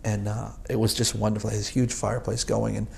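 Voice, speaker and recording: A man's voice: fairly low pitch, flat delivery, quick pace, vocal fry, a little mellow, a little hiss or hum. A man in his sixties from Boston, an Army veteran recalling his service in an oral history interview, rambling and chuckling with many fillers and restarts. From Boston, United States.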